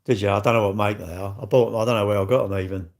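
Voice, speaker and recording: A man's voice: fairly low pitch, steady tone, rapid-fire. A middle-aged man, chatting bluntly and ramblingly on a livestream as he answers viewers' comments. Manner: blunt, rambling, chatty with frequent restarts and laughs. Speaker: livestream host.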